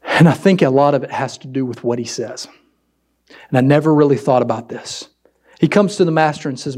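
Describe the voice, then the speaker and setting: A man preaching a sermon as pastor, swinging between loud emphasis and quiet asides. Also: medium pitch, a little fast.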